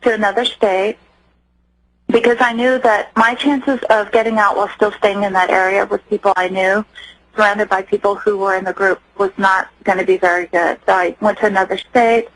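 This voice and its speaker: A woman's voice: medium pitch, steady tone, poor audio. A middle-aged woman telling her personal story earnestly as a radio interview guest, often stopping and restarting. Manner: earnest, acts out quoted voices, halting restarts. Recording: radio broadcast.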